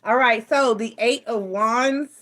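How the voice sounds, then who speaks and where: Woman tarot reader, New York born, Southern accent, chatty and laughing, slightly high voice, home setting. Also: slow pace, background noise. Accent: Southern American. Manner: chatty, laughs often, asides to a child. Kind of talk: casual tarot reading.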